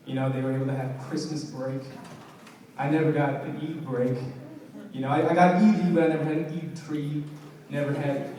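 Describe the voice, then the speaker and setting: Brief: young male stand-up comic, slightly high voice, easygoing self-mocking delivery, recorded from far off in a big echoing hall. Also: mellow. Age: young adult. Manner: conversational, self-deprecating, halting with fillers. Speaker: stand-up comedian. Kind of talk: stand-up comedy. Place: large hall, live show.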